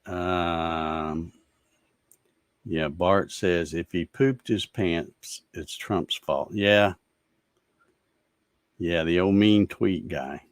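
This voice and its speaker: Man, casual livestream host, fed-up and sarcastic, lowish voice, dry sound. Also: steady tone, very slow, long pauses, no room sound. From Georgia, USA. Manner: ranting, fed-up, sarcastic, laughs at comments. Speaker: show host reading viewer comments.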